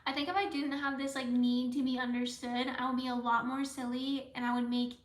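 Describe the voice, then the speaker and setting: A woman's voice: high-pitched, little pitch movement, a little fast, reverberant. A woman hosting a casual livestream, answering viewer comments in a playful, rambling way that keeps slipping into whispers. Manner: reads viewer comments aloud and answers them, often dropping into a whisper. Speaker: livestream host.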